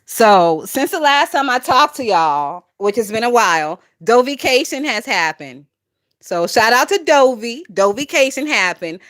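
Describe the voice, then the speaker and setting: Woman, gossip streamer, bright and punchy voice, swears freely, laughs a lot. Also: a little high, very animated, a little slow. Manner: chatty, profane, laughs often, talks to chat. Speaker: gossip channel host. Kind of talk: casual livestream gossip chat.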